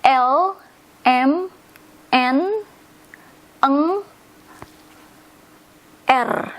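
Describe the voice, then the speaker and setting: Speaking slowly in a high, fairly bright voice, an Indonesian-born woman teaches vocabulary as a language teacher. Her slow instructional explanation has her repeating words unhurriedly and spelling out endings, captured on a rough recording.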